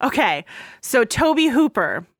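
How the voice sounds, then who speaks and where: A young woman co-hosting a podcast, chatting casually and telling animated stories with plenty of swearing. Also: high voice, takes it slowly, no room sound, studio quality. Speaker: podcast co-host. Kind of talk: casual chat.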